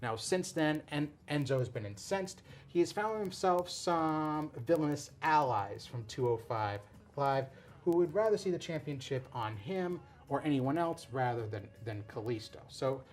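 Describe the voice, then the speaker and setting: Guy hosting a casual podcast, kinda high voice, rambles and restarts a lot, gets excited. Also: normal speed. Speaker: podcast host. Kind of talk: casual wrestling chat.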